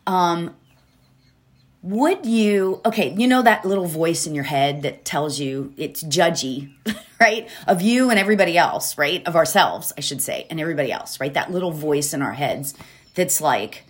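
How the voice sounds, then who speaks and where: A woman with a fairly low, expressive voice hosts a positivity podcast at a moderate pace. Her casual motivational talk rambles a bit, and she keeps checking in with "right?" and laughing.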